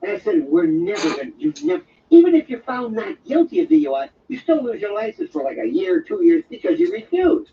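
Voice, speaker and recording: An older man hosts a rambling live-stream monologue, sardonic and full of digressions. His voice sits very high and swoops up and down with a lot of life. The audio is dull and distant, with a faint hiss underneath. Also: sing-song, fairly quick, creaky. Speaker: live show host.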